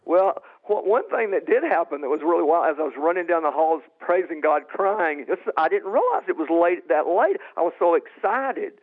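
Excited man telling his testimony, tinny. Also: normal speed, few pauses. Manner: rises high and loud when reliving moments, repeats and restarts. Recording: tinny phone-like sound.

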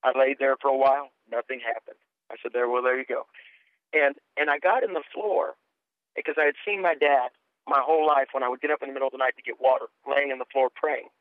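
A man's voice: mid-range voice, fast talker, no room sound. A middle-aged man, a guest preacher, earnestly telling his personal testimony and often repeating words as he starts sentences. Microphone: phone. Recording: tinny dry phone line.

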